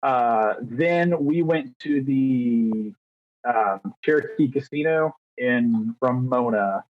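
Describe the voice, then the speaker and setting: Over dull, dry lo-fi audio, a thirty-year-old podcast co-host talks slowly in a mid-range voice. His casual chat wanders, turns self-deprecating, and includes little acted-out exchanges.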